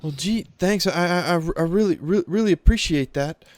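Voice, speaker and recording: A man's voice: high voice, moderate pace, darkish tone, no echo, pitched above the performer's own voice, lightly acted. A man voicing a nervous, eager young shop boy who stutters constantly.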